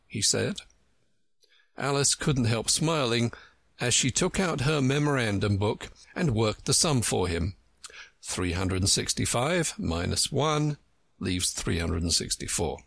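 A man narrating a storybook with a measured, expressive read. His voice is gravelly and husky, with a lively rise and fall. The recording is dry, with no room sound. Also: fairly low pitch, no echo. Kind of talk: storybook reading.

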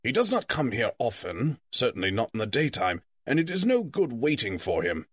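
A man reading the part of Gandalf, a stern and testy old male wizard, in measured, lecturing tones. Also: medium pitch, big pitch swings, husky, dry recording. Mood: grave. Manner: measured, lecturing, quick to scold. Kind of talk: audiobook character reading.

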